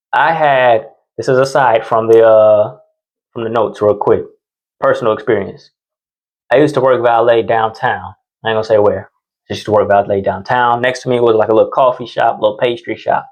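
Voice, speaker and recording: A man hosting his own podcast, talking casually in slang and swearing freely as he tells personal stories. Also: on the low side. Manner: profane, slangy, animated. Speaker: podcast host. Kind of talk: casual commentary and storytelling.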